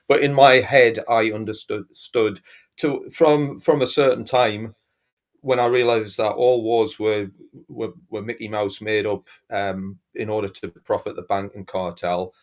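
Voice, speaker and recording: Earnest rambling guest. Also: male voice, on the low side, fairly even intonation, measured pace. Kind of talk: casual chat.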